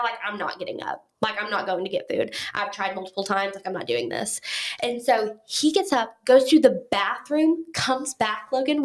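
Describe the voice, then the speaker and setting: A woman guest on a podcast, telling a story in casual chat. She is talkative and animated, and she acts out what other people said. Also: on the high side.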